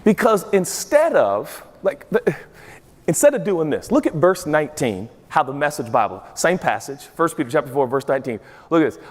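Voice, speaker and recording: A male pastor preaching a sermon to a congregation, lively and quick to act out voices for comedic emphasis. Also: on the high side. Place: large church auditorium with a congregation. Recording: long reverb of a large church hall.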